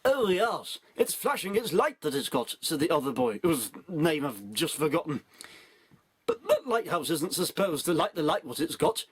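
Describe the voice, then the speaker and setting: A man's voice: on the high side, breathy edge, dry recording, full character voice. A man playing a muddled, pompous old male showbiz has-been who reads his own children's story aloud. He keeps getting words wrong, corrects himself, and mutters irritable asides. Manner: bumbling, forgetful, constant malapropisms and self-corrections; easily irritated, grumbling asides. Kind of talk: comic character reading of a parody children's story.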